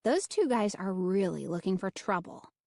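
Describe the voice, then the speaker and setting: A woman's voice: mid-range voice, expressive, moderate pace, dark tone, dry recording, studio quality, natural voice. A woman voicing a curious, outspoken girl in a storybook audiobook, blunt and questioning.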